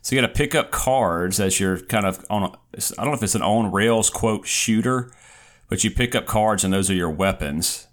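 A man co-hosting a casual gaming podcast, talking in an unhurried way and thinking out loud. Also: fairly low pitch. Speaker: podcast co-host. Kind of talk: casual chat.

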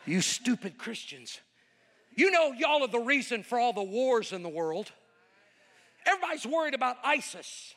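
A man's voice: very high-pitched, very animated, normal speed, fairly bright tone, long reverb tail, heavily acted. A preacher voicing an angry, contemptuous male atheist passenger who rants and growls. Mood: ranting.

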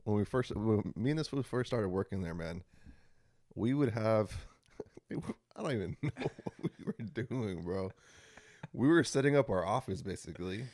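Relaxed young man chiming in with quips. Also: lowish voice, normal speed, no room sound, studio quality. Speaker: podcast co-host. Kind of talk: casual chat.

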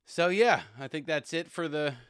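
A man's voice: fairly high pitch, normal speed, fairly bright tone, clean tone, no room sound, clean studio sound. A man hosting a podcast and rambling casually about football, chuckling and correcting himself as he goes. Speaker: podcast host. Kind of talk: casual sports chat.

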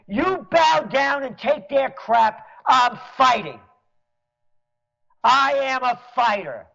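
A man's voice: very high voice, animated, slow, vocal fry, pushed and bright. A man delivering a fiery, sarcastic political rant, mocking officials. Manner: fiery, sarcastic, mocks officials in mimicking voices. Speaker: commentator. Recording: dull lo-fi recording.

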